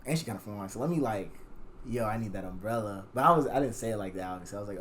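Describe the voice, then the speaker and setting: A young man, a podcast guest, telling a story in casual chat, profane and animated, acting out the lines he quotes. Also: fairly low pitch, fast, a little hiss or hum. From Jamaican.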